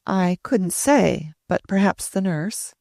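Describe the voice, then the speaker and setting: A woman's voice: on the low side, animated, takes it slowly, vocal fry, dark tone, no room sound, studio quality, full character voice. Woman voicing a flustered governess. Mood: hesitant. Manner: hesitant, apologetic. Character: nervous young female governess.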